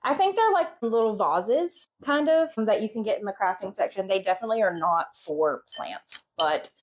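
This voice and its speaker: A woman's voice: mid-range voice, expressive, moderate pace, a little hiss or hum. A young woman co-hosting a casual chat, making dry wisecracks as she walks through crafts step by step. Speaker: co-host.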